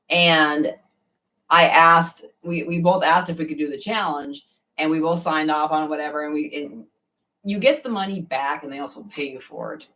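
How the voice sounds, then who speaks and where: A woman in a relaxed, casual chat about her eating challenges. She wanders through her stories, trailing off and picking back up. Her voice sits a little away from the microphone. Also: deep voice, distant mic. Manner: relaxed, rambling storytelling with fillers. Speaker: competitive eater.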